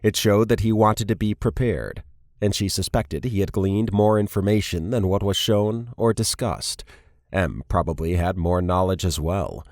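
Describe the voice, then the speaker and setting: A man narrating an audiobook in a steady storytelling manner. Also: low voice, normal speed, no echo, studio quality. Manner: steady storytelling, varied character reads. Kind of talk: scripted narration.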